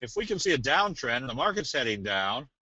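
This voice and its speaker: A man presenting a trading webinar in a casual, folksy way, slipping in jokes and a sales pitch. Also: sing-song, a little fast, sharp tone, breathy edge, no echo. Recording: dull, dry webinar audio.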